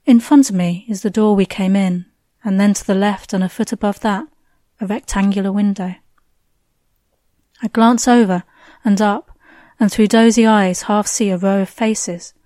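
A woman reading a first-person story aloud in a soft, hushed way that drifts into breathy whispers. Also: mid-range voice, dry recording. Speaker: narrator.

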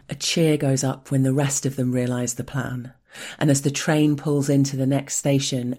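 A woman reads a first-person story in a hushed, intimate voice that often drops close to a whisper, and a bass voice is also present.

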